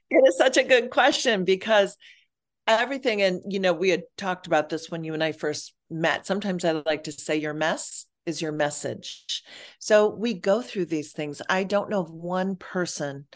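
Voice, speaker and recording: A woman's voice: lowish voice, normal speed. A woman guest on an interview podcast who speaks earnestly and reassuringly about motherhood and mental health. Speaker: guest, perinatal mood expert.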